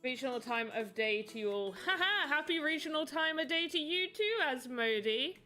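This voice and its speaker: Chatty British woman, bright voice. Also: high voice, lively intonation, normal speed, soft background music. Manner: chatty, rambling, reads and answers chat. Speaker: livestreamer making voxel art. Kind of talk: casual livestream chat.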